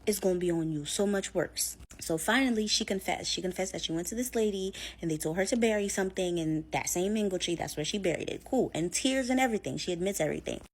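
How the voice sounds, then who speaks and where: A woman's voice: mid-range voice, lively intonation, quick pace, few pauses. A woman telling a scary story in a chatty, casual way, full of fillers, acting out what people said. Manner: chatty, filler-heavy, acts out quotes.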